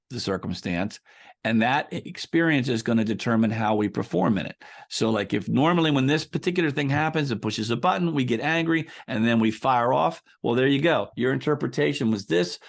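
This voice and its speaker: Gravelly-voiced man telling a story. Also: medium pitch. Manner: explains ideas through a long personal anecdote, with frequent restarts. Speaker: author and coach as a guest. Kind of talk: conversational podcast interview.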